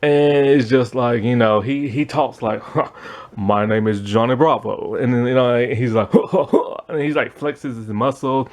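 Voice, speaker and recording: A man's voice: mid-range voice, unhurried, hardly any pauses, darkish tone. A man giving a casual spoken review of a cartoon, rambling with lots of fillers and frequent laughter.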